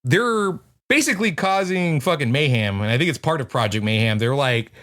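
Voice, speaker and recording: A man's voice: a little high, animated, a little fast, fairly bright tone. A man co-hosting a music podcast, ranting in casual chat and swearing freely. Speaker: podcast co-host.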